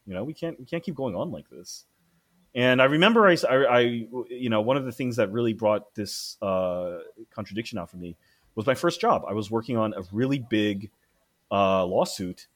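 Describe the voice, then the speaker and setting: Man, casual storyteller, husky voice, lively swooping pitch, swears, acts out quotes. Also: moderate pace. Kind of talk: casual chat.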